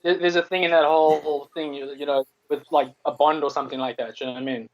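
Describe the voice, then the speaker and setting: A man's voice: on the high side, fairly even intonation, fast, highs cut off. A South African man, a comedian guest, chatting casually and rambling with many restarts and the odd swear word. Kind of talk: casual chat.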